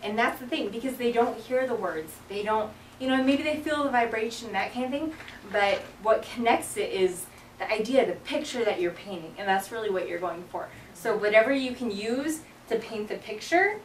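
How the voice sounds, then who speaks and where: In an echoey classroom full of students, a young woman's fairly high, animated voice comes from far off at a normal pace, over slight background noise. Teaching sign language, she chats away with lots of "like" and "um" and acts out song lyrics while explaining.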